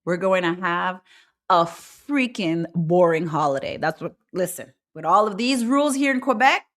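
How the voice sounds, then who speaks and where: A woman's voice: lowish voice, lively intonation, moderate pace. A woman hosting an online talk show, ranting bluntly and animatedly in casual chat with her live viewers. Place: lives in Quebec, Canada.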